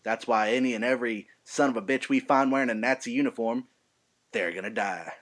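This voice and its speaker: A man's voice: medium pitch, a little fast, fairly bright tone, lightly acted. A man playing a brash, ruthless army lieutenant in a put-on Southern American drawl, swaggering as he addresses recruits. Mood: menacing swagger. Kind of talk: amateur film monologue reading.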